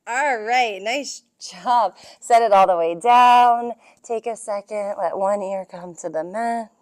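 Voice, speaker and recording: A woman's voice: mid-range voice, slow, darkish tone. A young woman guiding a yoga and strength workout, cueing moves and counting reps in an encouraging way, at times out of breath. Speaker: yoga and fitness instructor. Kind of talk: guided workout instruction.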